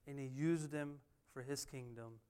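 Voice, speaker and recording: A man's voice: medium pitch, fairly even intonation, unhurried, darkish tone, clear, resonant tone. A man preaching a sermon, driving points home with emphatic repeated refrains. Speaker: pastor.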